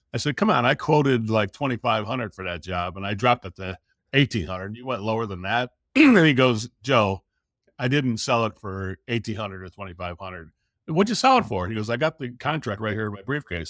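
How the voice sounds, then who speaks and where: A man's voice: on the low side, no room sound, clean studio sound. A middle-aged American man, a sales coach, telling a story in a podcast interview, acting out the voices and swearing casually. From United States. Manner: animated storytelling, acts out quoted dialogue, casual swearing.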